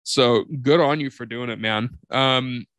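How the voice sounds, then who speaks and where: A man's voice: medium pitch, a little slow, no echo. A man hosting a podcast in casual chat, telling stories with energy and swearing freely. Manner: animated storyteller, swears freely. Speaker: podcast host.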